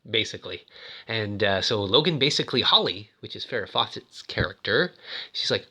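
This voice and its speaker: Rambling excited guy in his 50s, bright voice, bouncy pitch, lots of uhs. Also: moderate pace, husky. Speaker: movie toy reviewer. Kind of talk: casual movie retelling.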